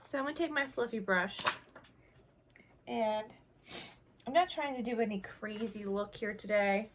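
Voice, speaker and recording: A young beauty vlogger tests makeup and chats casually as she applies it, joking about herself along the way in a casual tutorial. Her voice is a little high and a little slow, with a little hiss or hum on the recording.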